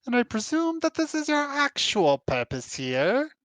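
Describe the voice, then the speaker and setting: A man voicing a serene, all-knowing crystal creature with slow, lofty pronouncements in a tabletop game. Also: extremely high pitch, wildly swooping pitch, fairly bright tone, no echo, voice pushed up, exaggerated voice. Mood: solemn.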